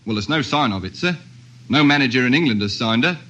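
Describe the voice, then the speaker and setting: Dutiful sergeant played by an actor, deferential, bright and firm. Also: male voice, mid-range voice, expressive, quick pace, highs cut off, lightly acted. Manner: deferential, matter-of-fact reports. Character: dutiful male police sergeant, respectful. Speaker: police sergeant. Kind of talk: 1950s radio drama acting.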